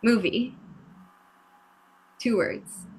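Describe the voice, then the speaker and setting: Husky, very slow player hinting at charades answers on a video call. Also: medium pitch, a little mellow, poor audio. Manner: slow, hesitant guessing and hinting. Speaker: guest player. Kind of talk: acting out charades clues.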